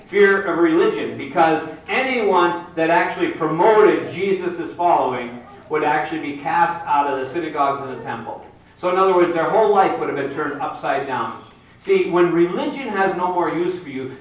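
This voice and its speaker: A pastor preaches a sermon, retelling a Bible story in a lively storyteller's manner and slipping into the characters' voices. His voice sits high for a man. It reaches the mic from some distance and rings through a very echoey hall.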